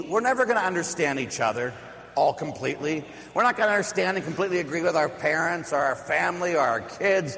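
Middle-aged priest giving a homily, kinda high voice, long church echo, tells stories and hits the big lines slow. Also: male voice, a bit bright. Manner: storytelling, emphatic with slow stressed lines. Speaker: Catholic priest. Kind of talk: sermon.

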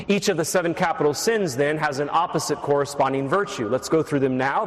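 A man preaching a sermon as a priest, teaching steadily with wry asides to the congregation. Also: a little high. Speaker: Catholic priest. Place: church. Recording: echoey church reverb.

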